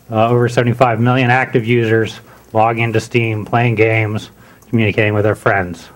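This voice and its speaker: A man giving a conference talk in a conference room. His pitch sits at a mid level for a man. He speaks in a relaxed way, often pausing on "uh" and starting phrases over. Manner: relaxed, with frequent "uh" fillers and restarts.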